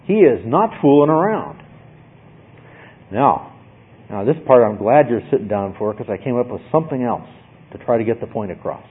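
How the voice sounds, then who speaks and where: Male Bible teacher, emphatic, husky, tinny line. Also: mid-range voice, animated, normal speed, long pauses. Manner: emphatic, asks "okay?" often. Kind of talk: Bible study lecture. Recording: tinny phone-like sound.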